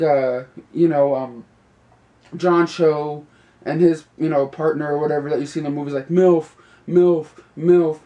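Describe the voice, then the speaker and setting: A man's voice: on the high side, a little mellow. A young man giving a casual, rambling review, leaning on fillers like "you know" and "like" and laughing often. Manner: laughs often while talking. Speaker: video reviewer.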